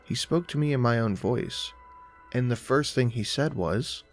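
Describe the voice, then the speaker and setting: A man narrating a first-person horror story in a calm, conversational storytelling manner. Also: mid-range voice, a little slow, faint music behind.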